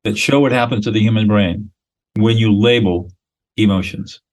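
Heard through poor audio, a man on the low side of the pitch range lectures as an expert podcast guest, blunt and emphatic, using short declarative statements.

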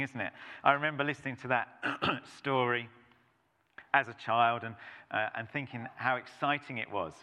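A middle-aged man, preaching a sermon as a pastor, telling stories with playful asides. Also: mid-range voice. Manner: animated storytelling with playful asides. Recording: long reverb of a church hall.

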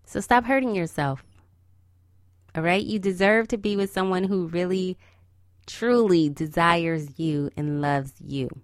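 A woman hosts a podcast with a smile you can hear, cheering her listeners on with sassy, encouraging asides. Her voice sits a little low, and the recording is close and dry. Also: measured pace, dry recording. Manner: cheery, smiling voice. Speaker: podcast host. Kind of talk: upbeat podcast intro and interview.

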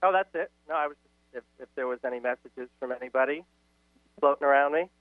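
A man calling in to a radio show, speaking hesitantly and softly about his plans. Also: mid-range voice, fast, no room sound. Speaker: caller. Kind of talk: phone-in conversation. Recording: tinny phone line.

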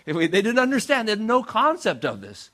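Preacher guy telling a story, lively, bit higher voice. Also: brisk. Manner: animated storyteller, acts out quoted voices. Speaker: pastor. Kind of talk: sermon storytelling.

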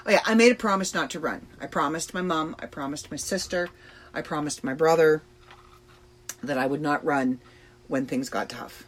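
A woman hosting a podcast, talking slowly and thoughtfully about personal struggles with pauses and fillers. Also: low-pitched. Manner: slow, reflective and emotional, with pauses and fillers. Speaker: podcast host. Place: trailer in a backyard.

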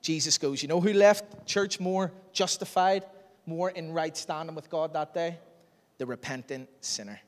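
A man's voice: on the high side, moderate pace. A man preaching a sermon in a chatty, self-deprecating way, laughing often. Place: church hall. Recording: long hall reverb.

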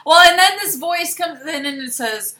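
A woman's voice: very high voice, normal speed, bright, forceful tone. A woman co-hosting a podcast, chatting casually about films and eagerly recapping scenes in detail. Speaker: podcast co-host. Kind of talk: casual film discussion. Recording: echoey room.

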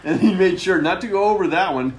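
A man's voice: high-pitched, expressive, fast, over a noisy crowd. A man hosting a casual interview, jumping in eagerly with questions and comments. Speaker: podcast host.

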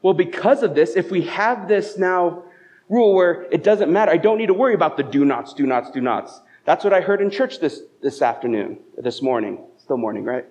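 A man's voice: on the high side, lively intonation, brisk, a little mellow. A male pastor giving a conversational sermon at a church service, telling stories and asking rhetorical questions. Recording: dull, muffled lo-fi sound.

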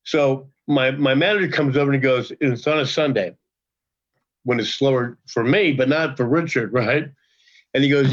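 An older man in his sixties tells a story as a podcast guest, swearing freely and doubling back on his words. His pitch sits in a middle range. The audio is dull and lo-fi. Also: moderate pace. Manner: profane, animated, repeats himself. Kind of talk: casual storytelling.

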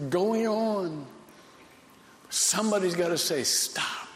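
A man preaching a sermon as pastor, slow and folksy, with dramatic pauses. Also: a little high. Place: church sanctuary. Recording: echoey hall with long reverb.

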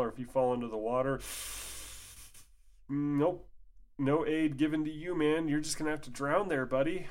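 A sleepy man reading old religious rules aloud and breaking in with sarcastic, mocking asides. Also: medium pitch. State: sleepy, yawning. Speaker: commentator.

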